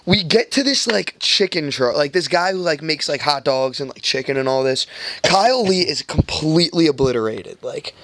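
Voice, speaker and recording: A man's voice: fairly high pitch, expressive, normal speed, fairly bright tone, no room sound. Young man rambling through a party story. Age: young adult. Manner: rambling, swears a lot, heavy "like" filler. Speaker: podcast co-host. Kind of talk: casual storytelling chat.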